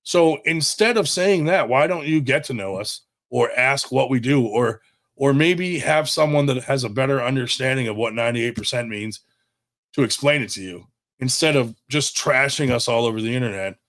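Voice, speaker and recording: A man's voice: mid-range voice, normal speed, a bit bright. A man who runs an arm wrestling brand, making a blunt, heated statement to camera, swearing often and restarting his sentences. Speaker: brand owner addressing a rival promoter.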